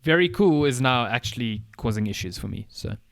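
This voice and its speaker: A man's voice: medium pitch, brisk, gravelly, no echo, studio quality. Casual, swearing gaming podcast man. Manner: relaxed, swears casually, trails off mid-sentence. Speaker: podcast co-host.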